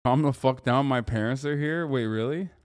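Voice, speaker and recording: A man's voice: mid-range voice, normal speed, no room sound, clean studio sound. A man streaming live, chatting casually, swearing, laughing and mocking with sarcastic banter. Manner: swearing, laughing, animated outbursts; joking, sarcastic banter with chat. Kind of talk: casual livestream chat.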